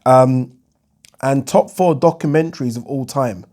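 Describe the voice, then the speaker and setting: A man's voice: mid-range voice, unhurried, a little mellow. A man answering viewer questions in a casual, chatty vlog, loose and rambling, often breaking off mid-sentence. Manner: chatty, loose, self-interrupting, swears.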